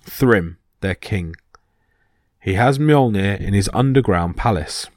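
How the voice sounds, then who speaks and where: Male narrator doing scheming trickster god, smooth and cunning, dry. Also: on the low side, lively intonation, slow, dry recording. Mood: sly.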